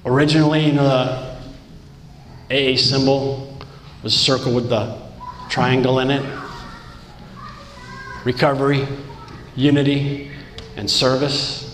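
A middle-aged man from Romania giving a personal recovery testimony in slow, deliberate, blunt words. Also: medium pitch, level tone, a bit bright. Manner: slow, deliberate delivery with blunt, raw wording. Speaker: recovering alcoholic sharing his story. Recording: roomy hall with long reverb, faint background noise.

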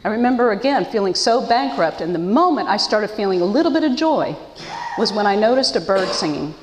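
Woman, earnest testimony, emotional, mid-pitched voice, long echo of a meeting hall. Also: lively intonation, fairly quick. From United States. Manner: earnest, emotional, with self-deprecating laughs. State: choked up. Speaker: speaker sharing her story at a support meeting. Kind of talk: personal testimony.

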